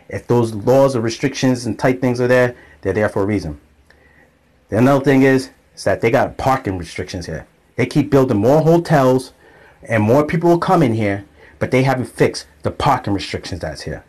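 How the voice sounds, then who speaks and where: A man talking straight to his followers in a casual monologue, acting out the people in his stories. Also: mid-range voice. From grew up in an island community. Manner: animated storytelling, acts out quoted voices. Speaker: vlogger.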